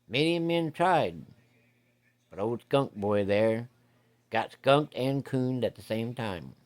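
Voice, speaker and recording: A man's voice: mid-range voice, expressive, slow. A man telling a hunting story in a folksy, profane, vivid way. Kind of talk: casual spoken storytelling.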